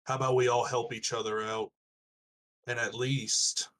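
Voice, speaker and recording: A man speaking in character at a tabletop game, blunt and rough with swearing. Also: mid-range voice, little pitch movement, unhurried, a bit bright, a little hiss or hum. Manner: blunt, swearing rebel talk. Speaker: player. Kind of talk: in-character tabletop role-play.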